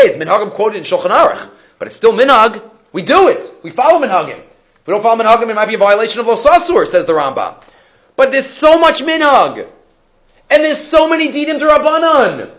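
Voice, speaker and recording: A man teaching a Haggadah class, acting out questions as he goes. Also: very high voice. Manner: animated, acts out the sons' questions, mixes Hebrew terms. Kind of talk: lively Torah lecture. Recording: dull lo-fi recording.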